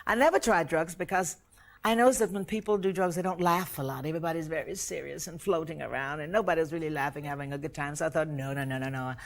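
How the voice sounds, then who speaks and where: A woman's voice: low voice, fast. A woman in her fifties from the United States, a guest in a casual television interview, playful and often laughing. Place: TV studio set dressed as living room, with audience.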